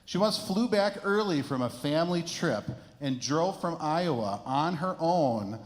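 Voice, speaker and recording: A man, a band director, giving an award speech in a school performing arts center, halting with emotion as he reads prepared remarks. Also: fairly high pitch, animated, big-room sound.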